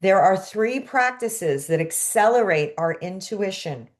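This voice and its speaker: A middle-aged woman with a Brooklyn accent teaching an online class, energetic and expressive, sometimes dropping to a hush for emphasis. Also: mid-range voice, measured pace. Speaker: creativity coach.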